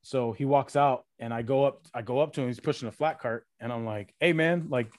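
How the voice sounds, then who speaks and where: A man recounts a rowdy story in a casual podcast chat, his speech full of fillers and curse words. His voice sits at an average pitch. The sound is close and dry, with no room around it. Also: fairly even intonation, a little fast, darkish tone, no echo. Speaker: podcast guest, former retail loss-prevention worker.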